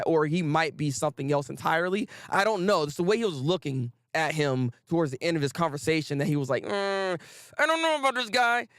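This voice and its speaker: A man hosting a casual anime talk stream, reading out viewer names and repeating himself with animated, slangy energy. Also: on the high side, no room sound, clean studio sound. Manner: animated, repetitive, slangy, greets chat viewers. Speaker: host.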